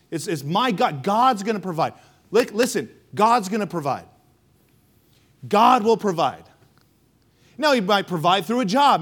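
Male pastor, sermon, emphatic call-and-response, high voice. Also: a bit bright. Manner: emphatic, call-and-response preaching with rising and dropping delivery.

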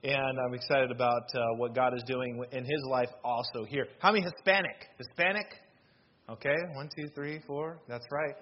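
A man's voice: medium pitch, moderate pace. A man preaching a sermon as pastor, polling the congregation and adding joking asides. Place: church hall. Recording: dull lo-fi sound with faint noise.

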